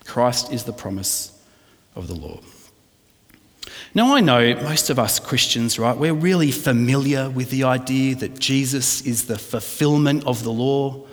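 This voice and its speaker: A man's voice: medium pitch, animated, a little slow, in a large hall. A man preaching a conversational sermon, often checking in with his listeners. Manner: conversational, asks the congregation "right?" often. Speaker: pastor.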